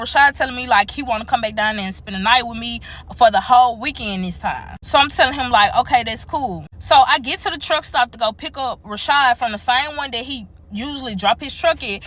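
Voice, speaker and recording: A woman telling a personal story to viewers in a casual, animated and profane way. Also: fairly high pitch.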